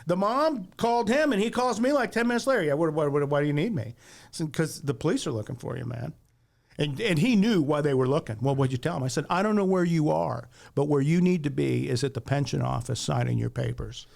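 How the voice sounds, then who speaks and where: A man in casual podcast talk, recounting a story in a halting way, often repeating words as he starts a sentence. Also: fairly high pitch, expressive, vocal fry, a little mellow.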